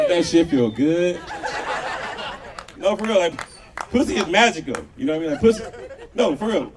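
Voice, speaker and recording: In a loose, profane patio set, a Los Angeles comedian in his thirties leans on crowd work, speaking at a moderate pace with long pauses. His voice is a little high and expressive. Live audio picks him up from a distance, along with crowd laughter.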